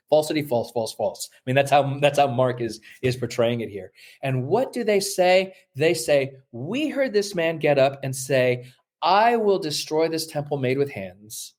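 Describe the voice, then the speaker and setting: A man who teaches New Testament, explaining his research in an interview, thoughtful and halting with many fillers and restarts, acting out quoted voices now and then. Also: mid-range voice, darkish tone. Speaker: New Testament scholar, guest.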